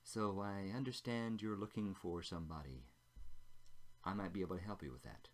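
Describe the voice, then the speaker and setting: A man voicing a secretive female information broker who speaks in a hushed, conspiratorial way. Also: on the low side, animated, moderate pace, lightly acted.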